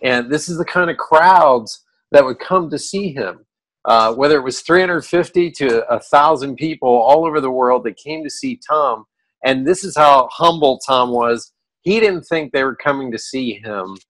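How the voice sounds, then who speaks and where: Animated male radio co-host telling stories. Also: medium pitch, normal speed, low-quality recording. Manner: animated storyteller who laughs often. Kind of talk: tribute storytelling on a talk show.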